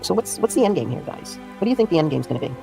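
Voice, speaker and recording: A woman's voice: deep voice, sing-song, racing, creaky, music in the background. Heated, foul-mouthed woman streamer. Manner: heated, profane, indignant ranting. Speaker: drama commentary streamer. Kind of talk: casual livestream commentary.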